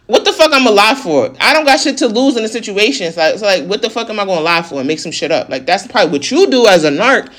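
A vlogger venting through a personal story, blunt and full of swearing. The sentences pile up fast and run together in a heated, unfiltered flow. The pitch sits right in the middle of the usual range. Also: sing-song, fairly bright tone. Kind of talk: casual storytelling rant.

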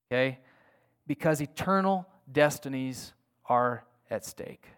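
Male pastor, somewhat high voice, earnest sermon delivery, rhetorical questions. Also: measured pace.

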